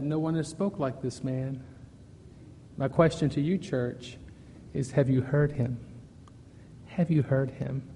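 A man preaching a sermon to his church, earnest, moving from loud emphasis to soft pleading. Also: on the high side, in a large hall. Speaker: pastor.

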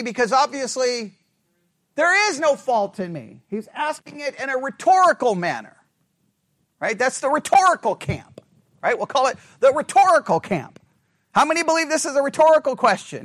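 Animated high-voiced male Bible teacher. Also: normal speed. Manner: animated, asks the class questions, self-correcting.

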